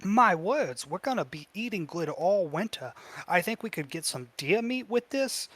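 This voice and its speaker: A man's voice: high voice, expressive, normal speed, a bit bright, voice pushed up. A man voicing a doting, fussy goblin mother who gushes over her child. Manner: gushing, sighing "oh".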